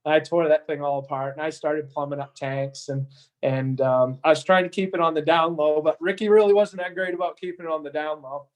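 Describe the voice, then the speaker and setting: A man's voice: a little high, fairly even intonation, fairly quick. A man being interviewed, telling a story casually with frequent restarts and repeated words. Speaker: interview guest.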